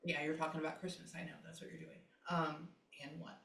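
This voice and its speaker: A chatty woman with a lowish voice talks loosely with her clients. She pauses often to think aloud. She is heard from off the mic in an echoey room. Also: flat delivery, vocal fry, a bit bright, far from the mic, a little hiss or hum. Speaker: psychic medium. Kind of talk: casual session talk. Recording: roomy, from off the mic.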